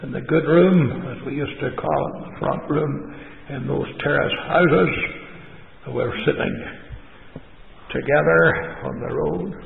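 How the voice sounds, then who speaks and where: A man's voice: mid-range voice, vocal fry. An older man with a Northern Irish accent, preaching a sermon and telling homely stories from his ministry. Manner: storytelling with homely anecdotes. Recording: echoey hall over a tinny phone-like line.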